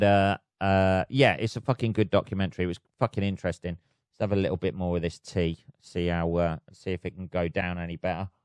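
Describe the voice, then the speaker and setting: A man's voice: fairly low pitch, smooth, no room sound, studio quality. A man with a Northamptonshire English accent hosting his own podcast, rambling through a casual solo chat full of swearing and fillers. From England. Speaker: podcast host.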